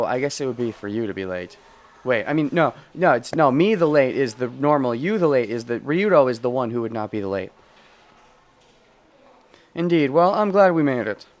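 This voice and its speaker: A man's voice: mid-range voice, animated, brisk. A man streaming a game, chatting in a rambling, self-correcting way and reading story text aloud. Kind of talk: casual let's play commentary.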